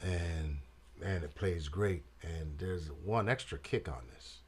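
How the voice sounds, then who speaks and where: Laid-back man, jazz slang, slow talk. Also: deep voice, breathy edge. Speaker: trumpet player and channel host. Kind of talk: casual storytelling vlog.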